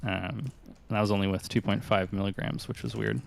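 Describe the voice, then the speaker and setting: Gravelly low-voiced man rambling casually. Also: very animated, a little fast, slight background noise. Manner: rambling, laughing storytelling with many fillers. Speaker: streamer hosting a call-in show. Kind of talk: casual chat.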